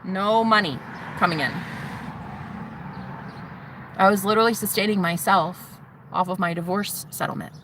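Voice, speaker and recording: A woman speaks from inside a car, telling her own story in a candid vlog. Her voice is bright and sharp, and her telling is blunt and profane, driving points home by repeating them. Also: mid-range voice, normal speed, pauses often, a little hiss or hum. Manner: blunt and profane, emphatic repetitions. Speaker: vlogger.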